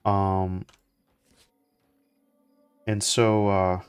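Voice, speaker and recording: Young man, gaming commentary, low voice, rambling fillers, faint music behind. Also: extremely slow, clear, resonant tone. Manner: relaxed, rambling with many fillers and restarts. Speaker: gaming streamer. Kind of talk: casual gameplay commentary.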